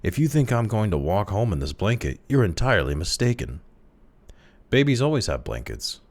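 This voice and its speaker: A man's voice: sing-song, normal speed, darkish tone. A man reading aloud voices a querulous old man, newborn in body but seventy in age, with a cracked, ancient, whining voice. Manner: complaining, shrill when protesting.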